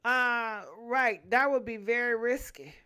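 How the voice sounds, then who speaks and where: A woman's voice: a little high, slow, bright, forceful tone, smooth. A young woman, hosting a casual gossip livestream, reading viewer comments aloud, laughing often and humming to herself between them.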